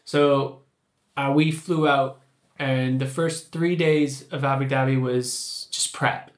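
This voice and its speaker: Casting note: male guest, chatty storyteller, mid-pitched, slightly echoey room. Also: takes it slowly. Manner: animated, acts out quotes in his story. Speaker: creature performer guest. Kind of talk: casual storytelling chat. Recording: roomy echo.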